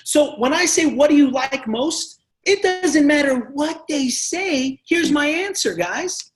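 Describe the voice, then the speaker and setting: A man's voice: extremely high pitch, expressive, takes it slowly. A man leading a sales team training, talking passionately and emphatically and acting out sales conversations. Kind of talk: energetic sales training talk.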